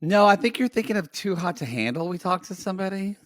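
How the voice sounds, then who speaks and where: A man's voice: sits high, lively intonation, fast. Playful, swearing gay man podcast host. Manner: playful, teasing, swears freely. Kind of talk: casual chat.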